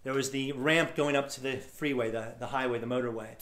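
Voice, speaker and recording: A man's voice: medium pitch, steady tone, fairly quick, fairly bright tone, roomy sound. A man telling stories to an audience as a motivational speaker, acting out the voices of people he met and laughing often. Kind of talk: storytelling talk to a live audience.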